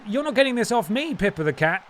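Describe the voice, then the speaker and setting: A man's voice: sits high, sing-song, quick pace, a bit bright, a little hiss or hum, voice pushed up. A man voicing a wretched, boastful little male wrestler who taunts his rival. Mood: taunting.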